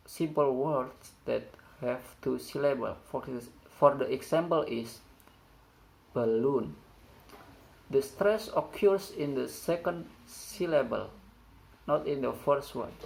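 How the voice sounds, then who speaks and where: Young guy doing a school presentation, slow and halting, kinda creaky. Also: medium pitch, darkish tone, poor audio. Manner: slow, halting delivery with restarts, non-native grammar. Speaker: student presenter. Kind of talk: classroom assignment presentation.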